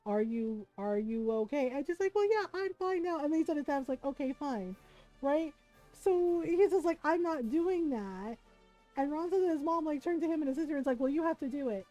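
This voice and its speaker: A woman's voice: high voice, low-quality recording. A woman streamer chatting casually, telling a story with frequent laughs and quoted voices. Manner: animated, laughing often, quoting others.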